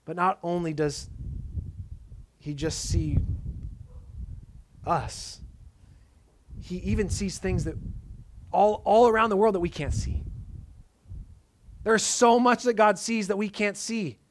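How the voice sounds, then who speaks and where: High-voiced earnest male preacher. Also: slow pace, pauses often, slight background noise. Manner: earnest, drops to soft emphatic tones, casual asides. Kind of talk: sermon.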